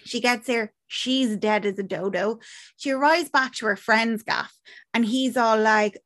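Her voice a little high and her pace measured, a young Irish podcast co-host casually retells a film. She brings it to life by acting out characters' lines, swearing freely along the way.

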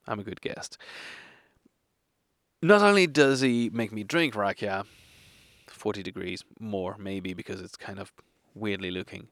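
Tipsy hiker man with a gravelly voice. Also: mid-range voice, a bit bright, dry recording, studio quality. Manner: hesitant, rambling, laughs often. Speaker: solo hiker vlogger. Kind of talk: casual storytelling to camera. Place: campsite outdoors.

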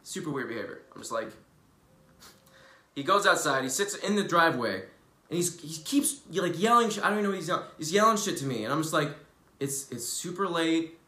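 This bright, somewhat high male voice moves fairly quickly and animatedly through a casual motivational talk on his spiritual wellness vlog. He's loose and earnest, preachy, and swears freely, with a roomy echo around him.

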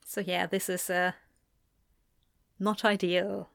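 A woman's voice: lowish voice, expressive, unhurried, vocal fry, long pauses, no room sound, studio quality. A woman, an audiobook narrator, thinking aloud at home as she plans character voices, rambling and correcting herself, often dropping into half-whispered asides. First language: German.

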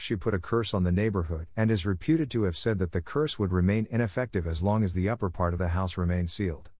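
Level-headed local builder, plain and matter-of-fact, low voice, read by a man. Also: darkish tone, dry recording, studio quality. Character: calm middle-aged male village builder.

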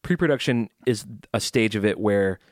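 A man's voice: on the low side, moderate pace, dry recording, clean studio sound. Enthusiastic male podcast host. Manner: enthusiastic, joking, inquisitive. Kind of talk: casual podcast conversation.

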